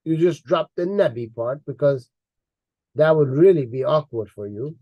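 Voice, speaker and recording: A man's voice: a little high, expressive, normal speed, no room sound, muffled recording. A man delivering a heated, mocking monologue as an online commentator, repeating words for emphasis. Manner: angry, mocking, insulting.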